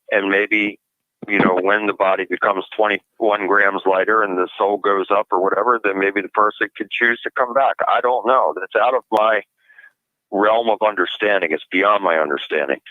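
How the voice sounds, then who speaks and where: A man as a radio guest who talks in a measured, hedging, conversational way. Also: low-pitched, no room sound. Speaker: guest, deliverance minister. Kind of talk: radio interview. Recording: tinny phone-line sound.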